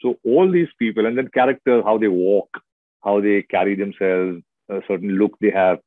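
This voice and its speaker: A man's voice: lowish voice, moderate pace, dry recording. Middle-aged Indian man, tinny phone-like sound. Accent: Indian English. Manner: expressive, storytelling, lively asides. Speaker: actor guest. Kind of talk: casual interview chat.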